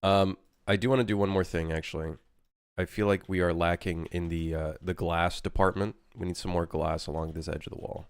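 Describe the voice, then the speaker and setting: A man's voice: deep voice, steady tone, brisk, smooth, no echo, clean studio sound. A young man, a native French speaker, casually chatting with his live-stream audience while building a game level, joking and rambling as he answers chat.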